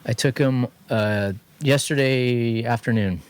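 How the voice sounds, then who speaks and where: A man with a Californian accent co-hosting a podcast, telling a long garage story in a rambling, animated way. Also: mid-range voice, takes it slowly, clean tone, no room sound. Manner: rambling, animated anecdote telling, quotes others in lively voices. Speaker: podcast co-host. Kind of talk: casual garage chat, storytelling. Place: home studio.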